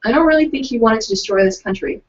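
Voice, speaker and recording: A woman's voice: on the high side, lively intonation, fast talker. Giggly young woman on a distant mic. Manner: chatty, giggly, reads participants' lines aloud. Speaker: co-host of a writing livestream. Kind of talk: casual chat, reading out submissions. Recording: distant, dull lo-fi webcast audio.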